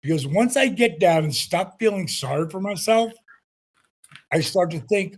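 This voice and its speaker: A man in his sixties, a retired wrestler being interviewed, telling animated stories. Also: high-pitched, normal speed, slightly rough. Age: 60s. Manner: animated anecdotes, acts out quotes. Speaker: guest, retired pro wrestler. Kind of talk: storytelling interview.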